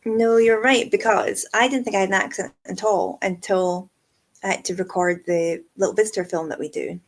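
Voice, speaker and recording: A Scottish woman co-hosting a casual whisky chat, chatty and self-mocking, laughing often, with a squeaky voice. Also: steady tone, normal speed. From Scotland. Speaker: whisky shop co-host.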